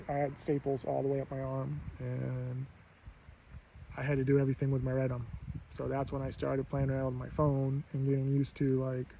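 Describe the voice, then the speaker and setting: Man vlogger, gravelly and aggrieved, swearing through a rant on a muffled, low-fi recording. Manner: profane, aggrieved, quotes others in his own voice. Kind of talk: angry personal rant. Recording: muffled low-fi audio with faint background noise.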